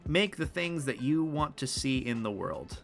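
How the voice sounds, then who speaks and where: A man's voice: mid-range voice, sing-song, a little slow, creaky. A young man chatting casually on a livestream, rambling and self-deprecating, with some swearing. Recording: music playing behind the voice.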